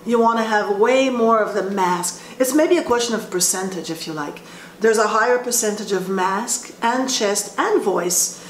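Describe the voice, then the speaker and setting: A woman voice teacher explaining vocal placement in a slow, halting way, often restarting her sentences. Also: fairly high pitch. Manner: explains slowly with frequent restarts. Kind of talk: instructional talk with sung demonstrations. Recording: roomy echo with faint ambient noise.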